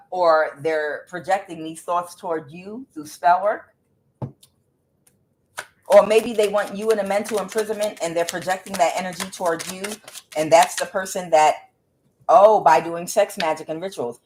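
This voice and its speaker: Low-voiced woman giving an emphatic tarot reading. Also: a little hiss or hum. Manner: emphatic, preachy, blunt with swearing. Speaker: tarot reader. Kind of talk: casual spiritual reading.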